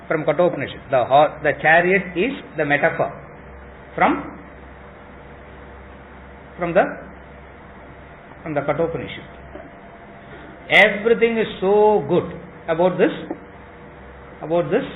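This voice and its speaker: High-voiced teacher, tinny recording. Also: male voice. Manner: repeats phrases and quizzes the class with rhetorical questions. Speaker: spiritual teacher. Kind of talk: scripture class lecture. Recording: tinny phone-like lo-fi recording with faint noise.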